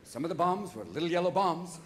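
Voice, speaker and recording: A man doing stand-up comedy on a theater stage, talking rapid-fire and breaking into voices and shouted bursts. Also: high-pitched, lively intonation. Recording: live theater recording with audience noise. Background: audience laughter and applause.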